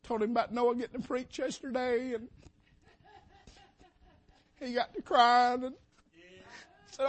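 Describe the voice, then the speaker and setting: Preaching in a church sanctuary, a man with a very high-pitched, steady voice speaks at normal speed and pauses often. His sermon is impassioned, rising and falling as he calls out to the congregation.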